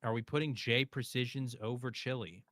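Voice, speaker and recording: A man chatting loosely on a live stream with a bright, forward voice. His quick, joking banter sounds dry and close to the mic, with no room around it. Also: mid-range voice, fairly even intonation, no room sound. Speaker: streamer host. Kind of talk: casual stream chat.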